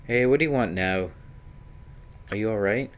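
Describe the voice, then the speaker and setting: A prickly young rogue woman from a fantasy role-playing game, quick to take offense, as a man reads her lines. She caps her sentences with echoing tags, the voice low with faint noise behind. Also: close to an everyday voice. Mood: defensive.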